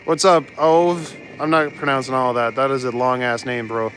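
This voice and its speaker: This young man from Canada live streams while walking outside through city streets, easygoing and often chuckling as he reads and responds to chat. His medium-pitched voice is fairly bright with fairly even intonation, at a moderate pace over slight background noise.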